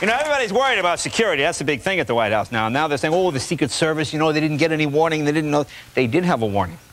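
A man's voice: a little high, rapid-fire, a faint crowd. A man hosting a talk show, delivering a stand-up comedy monologue with punchy jokes, recorded from a 1990s TV broadcast before a live studio audience. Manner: punchy joke delivery with animated voice swings. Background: loud audience laughter and noise.

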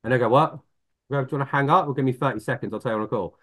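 A middle-aged man talking as a sales expert guest on a podcast, lively and blunt, acting out phone calls and swearing freely. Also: medium pitch, rapid-fire. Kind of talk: animated podcast talk.

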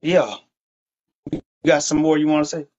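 A man's voice: a little high, fairly even intonation, normal speed, darkish tone, highs cut off. A man hosting a faith podcast, chatting in a laid-back, joking, slangy way. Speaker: host.

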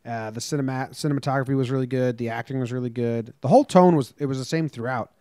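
A man co-hosting a movie review podcast, giving measured, opinionated takes and laying out his points in order. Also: medium pitch, dark tone, smooth, no echo, clean studio sound. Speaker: podcast co-host. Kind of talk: casual movie review chat.

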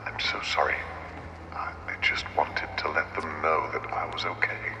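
An actor playing a confused elderly man lost in memory, who stammers in a deep, gravelly, trembling half-whisper. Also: flat delivery. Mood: confused, pleading. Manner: halting, stammering. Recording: roomy game audio with long reverb and noise.

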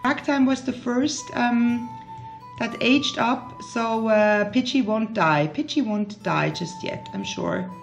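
A woman's voice: on the high side, slow pace, vocal fry. A woman from Switzerland giving casual let's play commentary, chatting to her game characters with emotional outbursts. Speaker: gaming YouTuber. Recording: faint background music.

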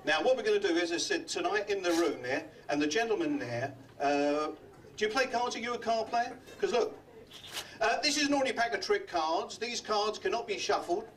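An older comedy magician from London works the room, teasing guests with quick gags. His voice sits high for a man. He is picked up from a distance in a hotel function room. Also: expressive, fairly bright tone, slight background noise. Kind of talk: live club comedy act.

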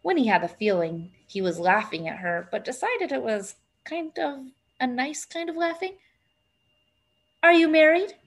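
A woman narrating a storybook aloud in an expressive, lively storytelling manner. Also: a little high, normal speed, few pauses, breathy edge. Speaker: reader.

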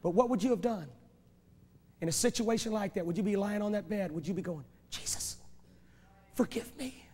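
Heard from a VHS tape in an echoey church hall, a man with a warm, high-sitting voice preaches a revival sermon at speed in a large sanctuary. Rhetorical questions and repetition drive home each point.

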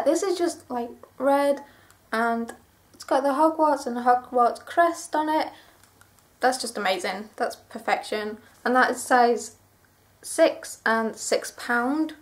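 A woman's voice: on the high side, slow pace, pauses often. A young woman chatting through a clothing haul vlog, gushing and rambling with enthusiasm. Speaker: vlogger.

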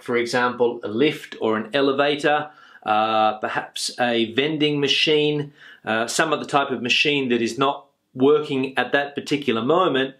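A man's voice: medium pitch, a bit bright. Patient man teaching an English lesson. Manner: patient, repeats each phrase with uh fillers.

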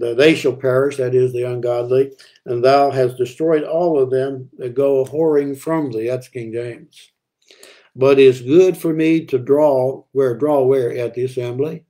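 A man's voice: mid-range voice, fairly even intonation, a little slow, warm tone. A man teaching a midweek Bible study, reading old-fashioned scripture verses aloud and then explaining them in a conversational way with fillers and repeated words.

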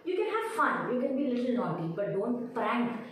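A woman, a preschool teacher gently explaining a story's lesson to children. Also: a little high, big pitch swings, moderate pace. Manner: gentle, instructive. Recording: echoey room from far off, noisy.

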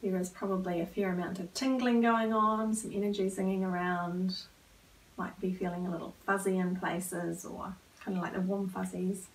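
A woman trainer calmly leading listeners through a guided movement exercise, at times dropping to a near whisper. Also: medium pitch, moderate pace, distant mic, poor audio. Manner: calm, coaching, drops to a near whisper at times. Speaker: wellbeing trainer.

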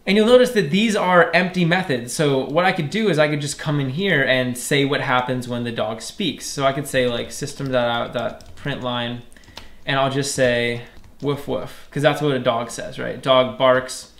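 A man's voice: medium pitch, normal speed, fairly bright tone, echoey room. A man teaching a programming tutorial, explaining each step plainly and often checking in with "right?". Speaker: programming instructor. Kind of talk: screen-recorded coding tutorial.

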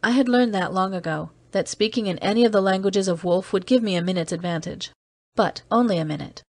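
A woman's voice: mid-range voice, no room sound, close to an everyday voice. Woman reading as a terse seasoned agent. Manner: steady, measured storytelling. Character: weary man, seasoned off-world agent, terse. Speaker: audiobook reader. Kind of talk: scripted narration.

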